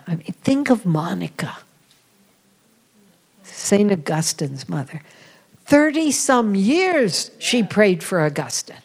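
Woman preacher type, earnest and intimate, uses hushed asides, average pitch. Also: very animated, slow pace, pauses often, breathy edge, poor audio. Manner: earnest, intimate, drops to whispers for emphasis. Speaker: speaker giving a spiritual talk. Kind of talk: sermon-style personal storytelling.

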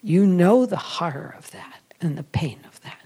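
A woman giving a sermon-style testimony, storytelling and confiding, often dropping to a soft whisper for emphasis and laughing at herself. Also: on the low side, lively intonation, normal speed, husky. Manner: self-deprecating, laughs at herself. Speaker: religious speaker with a radio program.

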